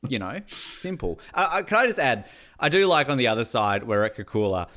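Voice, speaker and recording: Male podcast co-host, animated and sweary, pitch jumps all over, laughs easily. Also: fairly quick, a little hiss or hum. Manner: excitable, swears a lot, laughs often. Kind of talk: casual recap chat.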